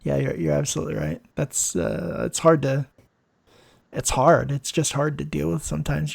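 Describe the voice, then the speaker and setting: A man with a slightly higher voice and a gravelly, creaky edge, speaking close to a dry mic with no room sound. He hosts a podcast interview and tells hospital stories in an animated way, voicing the people in them. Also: normal speed, no room sound. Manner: animated storyteller, quotes people in dialogue. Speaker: podcast host, ER nurse. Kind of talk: conversational interview storytelling.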